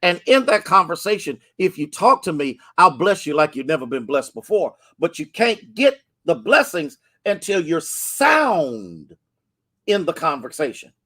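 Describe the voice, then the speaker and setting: Fervent American pastor preaching. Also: male voice, fairly high pitch, big pitch swings, a little slow, pushed and bright. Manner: preaching with rising fervor, repetitions, call-outs to listeners. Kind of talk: short online devotional sermon.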